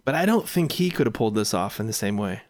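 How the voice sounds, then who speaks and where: A man with a somewhat low voice chats loosely about an old film. He thinks out loud, trails off and checks facts with his co-hosts. The sound is dry and close, with no room around it. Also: sing-song, fast, no room sound. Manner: chatty, musing, trails off and asks questions. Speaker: podcast co-host. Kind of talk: casual film discussion.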